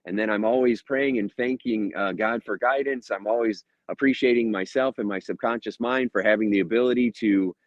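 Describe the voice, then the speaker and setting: A man's voice: on the low side, a little fast, hardly any pauses, no room sound. A middle-aged man, a hypnotherapist and coach, talking casually and often checking in with "right?" between thoughts. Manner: conversational, frequent "right?" tag questions and filler "uh". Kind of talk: casual motivational talk. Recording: dull, muffled dry recording.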